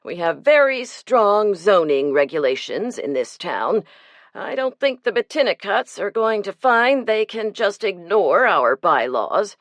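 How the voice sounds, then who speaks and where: Woman doing a firm, slow-spoken town official. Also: mid-range voice, big pitch swings, dry recording, pitched above the performer's own voice. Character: firm middle-aged male town official.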